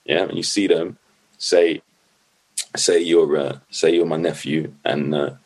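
A man retelling the words of his laid-back, slangy New York uncle, in a very deep voice close to his own. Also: fairly even intonation, a little slow, darkish tone, exaggerated voice, poor audio. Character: man's street-talking New York uncle.

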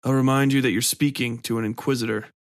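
A man's voice: medium pitch, steady tone, quick pace, dry recording, clean studio sound, lightly acted. A man voicing a stern, rigid Inquisitor who speaks in a stiff, threatening, indignant way.

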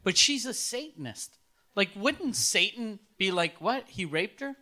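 A man co-hosting a casual podcast, rambling with deadpan jokes and filler words. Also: sits high, a little slow. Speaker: podcast co-host.

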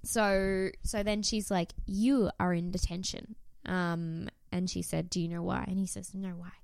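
A young woman co-hosting a podcast, recapping a reality show in animated, sweary, laugh-filled chat. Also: lowish voice, normal speed, creaky, smooth, no echo, clean studio sound. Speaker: podcast co-host.

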